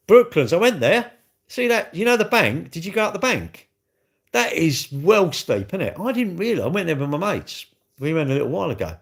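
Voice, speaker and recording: Gravelly man rambling to viewers. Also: a little high, sing-song, brisk. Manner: rambling, jokey banter. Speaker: livestream host. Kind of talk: casual chat with viewers.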